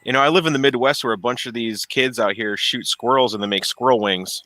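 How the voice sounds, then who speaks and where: Bright-voiced man chatting on a dry mic. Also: medium pitch, fairly quick, no room sound. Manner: rambling, laughs often, trails off searching for words. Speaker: streamer fixing printers. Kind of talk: casual chat. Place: home workshop.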